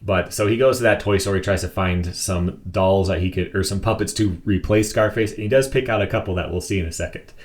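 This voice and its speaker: A man reads through a comic book and comments on it casually. His voice sits on the low side, and he keeps breaking into amused asides. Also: fairly quick, hardly any pauses.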